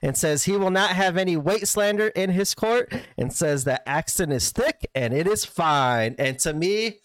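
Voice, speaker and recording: Give me a man with a smooth, slightly high voice, animatedly retelling events on a casual podcast. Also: moderate pace, no echo, rough recording. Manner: animated retelling, acting out quoted lines. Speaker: podcast co-host.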